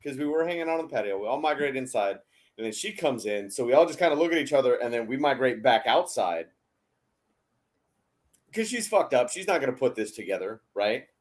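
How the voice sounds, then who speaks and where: A man's voice: medium pitch, sing-song, brisk. A man co-hosting a podcast, adding to a shared story in a casual, profane way. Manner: profane, conversational. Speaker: podcast co-host.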